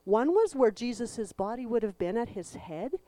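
A woman with a slightly high voice, speaking at normal speed with no room sound, tells a Bible story to children at church. She's expressive, acting out the characters' voices and leading the group in a song.

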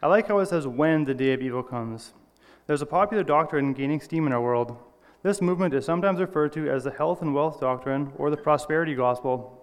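A man's voice: a little high, a little fast, in a large hall. A man giving an earnest, personal sermon, reading scripture and correcting small slips as he goes. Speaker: lay preacher.

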